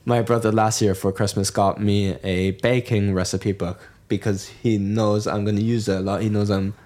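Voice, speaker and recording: A man's voice: lowish voice, flat delivery, normal speed, a little mellow. A young man from Germany co-hosting a podcast, chatting casually and rambling with lots of restarts. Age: young adult. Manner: rambling, many restarts and fillers. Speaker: podcast co-host. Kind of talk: casual chat.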